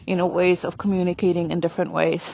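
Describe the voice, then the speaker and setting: A woman's voice: lowish voice, level tone, fast talker, vocal fry, dark tone, no room sound, lo-fi sound. A woman riding instructor talking through a demonstration on horseback outdoors, chatty with lots of fillers, calling commands to her horse.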